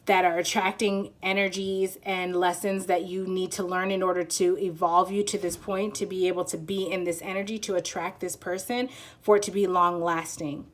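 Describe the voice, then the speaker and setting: A woman's voice: on the low side, level tone, moderate pace. A woman giving a casual pick-a-card tarot reading, rambling and giggly as she searches for words.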